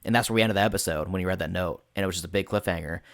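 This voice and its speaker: Male podcast host and game master, low voice, dry close sound, animated storyteller. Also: very fast, dry recording. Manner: animated, swears freely, voices his players' reactions. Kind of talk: casual storytelling chat. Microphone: voice call.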